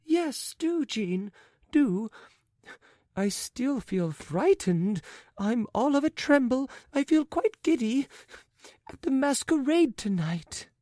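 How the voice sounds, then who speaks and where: A woman's voice: high-pitched, sing-song, slow pace, warm tone, no echo, clean studio sound, full character voice. A woman voicing a flighty, chattering society lady in an audiobook. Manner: twittering, affected. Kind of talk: audiobook character reading.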